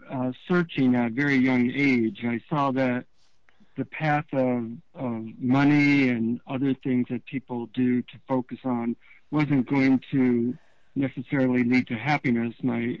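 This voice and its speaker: Man, author guest, halting relaxed storytelling, dull lo-fi radio sound, dry. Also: medium pitch, dry recording. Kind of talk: storytelling interview answers.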